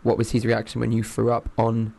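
A man's voice: mid-range voice, monotone, brisk, gravelly, darkish tone. A man co-hosting a podcast, teasing and prodding with a chatty, filler-heavy manner. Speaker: podcast co-host. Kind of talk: candid casual chat.

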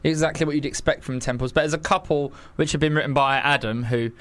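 A man's voice: a little high, fairly bright tone. A young man hosting a radio show, chatting casually and teasing his guests. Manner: chatty, teasing, quick asides.

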